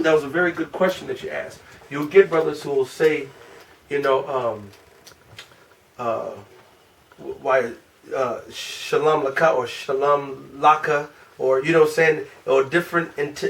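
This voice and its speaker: A man's voice: on the high side, creaky. A man teaching an informal class, talking in a loose, rambling way with many restarts, picked up by a camera across the room. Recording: distant from the mic, faint room noise.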